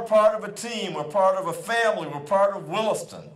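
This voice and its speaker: Man, fifties, keynote speech, exhorting, repetitive emphasis, fairly high voice, roomy hall echo. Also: a little fast. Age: 50s. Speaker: keynote speaker. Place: school convocation hall. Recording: echoey hall.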